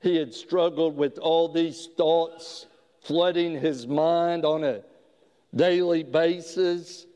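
A man preaching a sermon as a pastor, telling a story slowly with frequent halting restarts. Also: fairly high pitch, fairly even intonation, dark tone, clean tone. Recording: long hall reverb.

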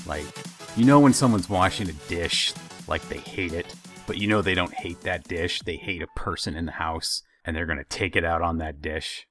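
A man's voice: sits low, normal speed, faint music behind. A man telling a funny family story in casual chat, acting out the voices of the people in it. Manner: animated, acts out quoted voices.

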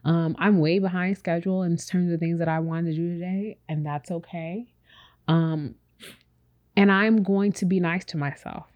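A woman with a slightly low voice talking openly on a podcast. She rambles in a relaxed, reflective way, full of fillers, and speaks right to her listeners as if they were friends. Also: normal speed, highs cut off. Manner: speaks directly to listeners as "y'all". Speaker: podcast co-host. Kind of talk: casual chat.

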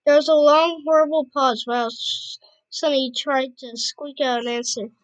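A woman reading a novel aloud, halting and stumbling over words and rereading them. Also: high voice, steady tone, dry recording, low-quality recording. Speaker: amateur reader.

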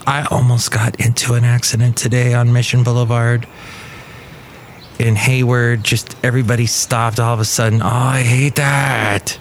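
This podcast host talks through the news in a relaxed, rambling way, wandering off on tangents and correcting himself along the way. He has a medium-pitched male voice, and there's a slight hiss or hum.

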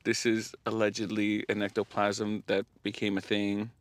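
A young man hosting a podcast, telling a story in casual chat, animated, often laughing and using lots of fillers. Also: fairly low pitch, moderate pace, no echo. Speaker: podcast host.

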